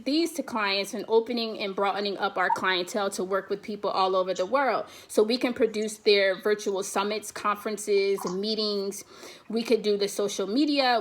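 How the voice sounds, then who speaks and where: A woman's voice: mid-range voice, fairly bright tone. Emphatic American woman on a video call. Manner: emphatic, rallying, repeats "we have to". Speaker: guest speaker on a virtual summit. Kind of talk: motivational talk, then answering questions.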